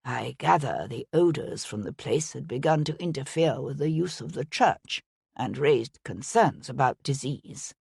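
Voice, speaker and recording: A woman voicing a frail, dying elderly archbishop who speaks weakly and with measured care. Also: rumbling low, expressive, vocal fry, darkish tone, husky, no echo, clean studio sound, heavily acted. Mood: grave, weary. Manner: weak, measured.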